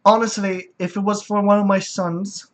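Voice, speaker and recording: A man voicing a proud, weary godlike mother who speaks in a low, measured way. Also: level tone, a bit bright. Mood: dry.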